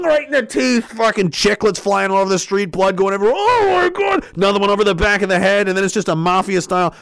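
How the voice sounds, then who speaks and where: A man delivering an angry political rant full of profanity and sarcasm, breaking into shouted outbursts. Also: high voice, no echo, clean studio sound.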